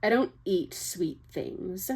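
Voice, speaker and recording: Woman reading grumpy tall young man, storybook, curt, clipped, flat, slow. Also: lowish voice, husky, heavily acted. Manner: clipped, flat, short replies.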